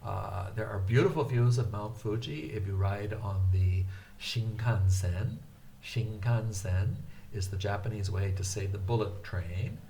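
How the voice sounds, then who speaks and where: An older man teaching a beginner language lecture, speaking patiently with frequent hesitations and carefully drawn-out syllables. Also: lowish voice, gravelly, mellow, a little hiss or hum.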